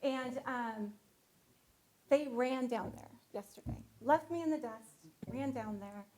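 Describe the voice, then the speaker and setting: A woman's voice: fairly high pitch, slow pace, warm tone, rough recording. A woman school guidance counselor presenting at a board meeting, emotional and close to tears. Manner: emotional, gets choked up. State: teary.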